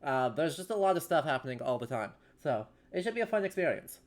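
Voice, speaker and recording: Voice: mid-range voice, big pitch swings, fast talker. A streamer chatting casually and rambling while starting a new game, self-deprecating and easygoing.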